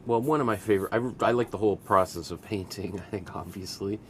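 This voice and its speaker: A middle-aged man giving a relaxed painting lesson, thinking aloud as he works, rambling with restarts and soft laughs. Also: on the low side, quick pace, a little hiss or hum. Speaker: art teacher.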